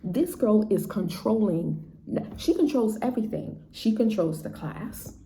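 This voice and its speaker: Very animated yet at a measured pace, this woman speaks in a mid-range, dark-toned voice. She's a teacher chatting casually through a classroom story, frequently asking "right?" and saying "you know", recorded with roomy echo and faint background noise.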